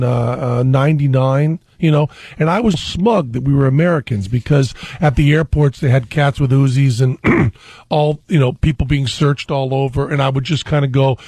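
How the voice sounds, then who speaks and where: Man, middle-aged, talk radio guest, animated rambling storyteller, slightly high voice, raspy. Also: moderate pace, dry recording.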